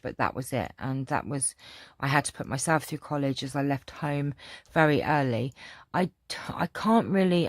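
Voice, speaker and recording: Casting: English woman, low voice, dry close sound, frank and meandering vlog chat. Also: no room sound. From England. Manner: candid and rambling, with many pauses and fillers. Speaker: craft channel vlogger. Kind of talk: casual chat answering viewer questions.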